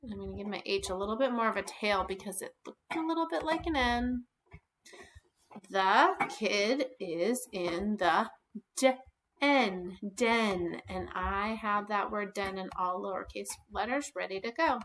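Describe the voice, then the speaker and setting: A woman teaching a kindergarten lesson on video, speaking slowly and clearly, encouraging the children. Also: medium pitch, bright, forceful tone, a little hiss or hum. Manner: slow, clear and encouraging, stretching words for small children. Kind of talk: recorded lesson for young children.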